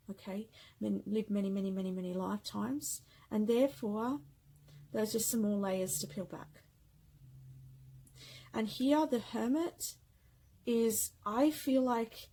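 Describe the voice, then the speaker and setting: A woman giving a pick-a-card tarot reading, speaking gently and affectionately, getting emotional and often checking in with "okay?". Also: medium pitch, slightly rough, rough recording.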